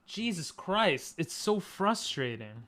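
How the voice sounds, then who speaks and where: Higher-pitched male streamer talking to himself. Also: very animated, a bit bright. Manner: frustrated, halting self-talk with frequent restarts and laughs. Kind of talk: live gameplay commentary. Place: his room at home.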